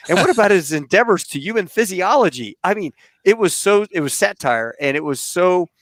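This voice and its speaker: A man in his fifties, a podcast host, telling a story in an animated, laughing way. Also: mid-range voice, no room sound. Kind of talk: storytelling in casual chat.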